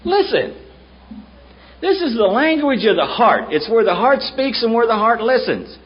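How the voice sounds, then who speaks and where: A man's voice: high voice, animated, a little fast, breathy edge, pitched above the performer's own voice. A man voicing a patient older male sponsor, earnest and preaching. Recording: muffled old tape with faint hiss.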